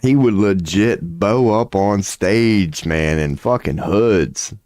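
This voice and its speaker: A man streaming live, rambling excitably in a casual, profane rant about comedians. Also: lowish voice, takes it slowly, no echo, clean studio sound. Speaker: streamer offering tarot readings.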